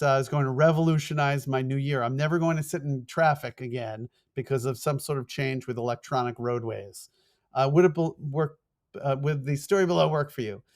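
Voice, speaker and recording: Fast-talking New York man teaching PR. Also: mid-range voice. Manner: fast-talking, animated, acts out quoted emails. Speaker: PR trainer, former TV producer. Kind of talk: online course lecture.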